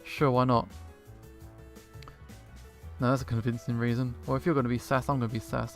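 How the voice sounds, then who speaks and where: A man hosting a let's play, tossing out playful, teasing asides between story lines. His voice sits in an ordinary middle pitch. Quiet game music runs in the background. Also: level tone, a little fast, long pauses. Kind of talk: casual gameplay commentary.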